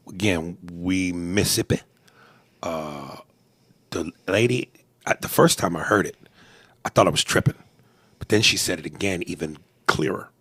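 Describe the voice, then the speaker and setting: A man's voice: low voice, dry recording. A man co-hosting a podcast, telling crude jokes and mimicking regional accents in comedic banter. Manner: animated, mimics accents, profane. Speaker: podcast co-host.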